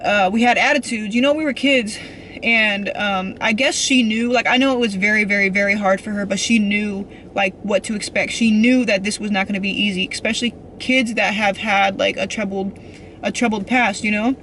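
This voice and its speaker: A young woman shares a personal story on her vlog with a bright, forward tone. She rambles and restarts often, earnest and emotional. She leans on casual fillers as she goes. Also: medium pitch, steady tone, normal speed, a little hiss or hum. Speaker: vlogger.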